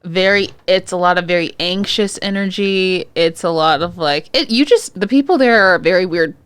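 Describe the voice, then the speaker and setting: Young woman co-host, lowish voice, blunt swearing wit, dry close sound. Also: moderate pace, fairly bright tone, smooth, no echo. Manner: blunt, profane, wry, laughs often. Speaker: podcast co-host, hospital worker. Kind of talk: casual chat.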